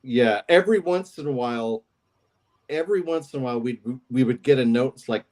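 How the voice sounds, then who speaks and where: A man, a comics artist on a podcast, playful and quick with jokes. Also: mid-range voice, darkish tone. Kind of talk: casual podcast chat.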